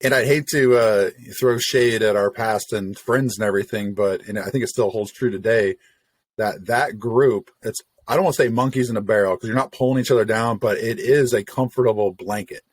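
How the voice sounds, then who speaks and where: Male host from Illinois, husky voice, loose and agreeable chat. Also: on the low side, fairly quick, no echo. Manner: relaxed, rambling, agreeable. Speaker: podcast host. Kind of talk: casual interview chat.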